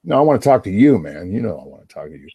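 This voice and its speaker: Middle-aged man, low dark husky voice, rambling and profane, dry sound. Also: very animated, racing, dry recording. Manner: rambling, profane, talks over himself. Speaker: livestream host on a phone call. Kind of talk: rambling casual monologue.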